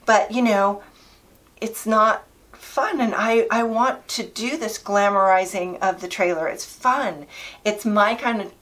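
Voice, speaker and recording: A woman's voice: mid-range voice, unhurried, a bit bright. A middle-aged woman vlogging in a casual, chatty and enthusiastic way, laughing often. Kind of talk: casual chat.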